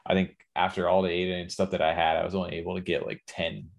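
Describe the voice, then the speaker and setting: Tired deep-voiced male podcast co-host. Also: flat delivery, quick pace, creaky. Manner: laid-back slangy talk, frequent "yo" and "dude". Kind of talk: casual late-night podcast chat.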